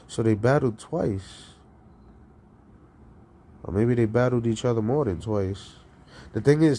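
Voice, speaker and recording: A man talking casually on his live stream, rambling and profane, laughing between lines and swinging from loud outbursts to low mutters. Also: slight background noise. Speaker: streamer and rapper.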